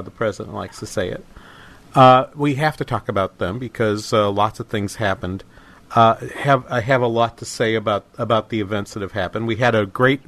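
A man's voice: fairly low pitch, a bit bright. A middle-aged man hosting a talk radio show, speaking casually with many fillers, restarts and false starts.

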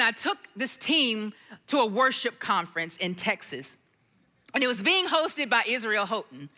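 A middle-aged woman sharing a personal testimony in a sermon, telling her story and dropping to a hushed, near-sung tone at times. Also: high-pitched. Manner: storytelling, drops to a hushed tone, sings lyric lines softly. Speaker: speaker at a church gathering.

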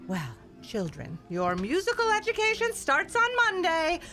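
A woman's voice: very high-pitched, huge pitch swings, measured pace, bright, forceful tone, full character voice. A woman playing a prim, theatrical school music teacher in an audio drama, bossy and sing-song.

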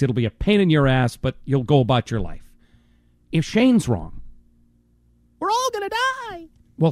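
A man's voice: fairly high pitch, darkish tone, no echo, studio quality. A man hosting a sports radio show, arguing his points emphatically and often repeating words as he starts. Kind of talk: casual talk radio debate.

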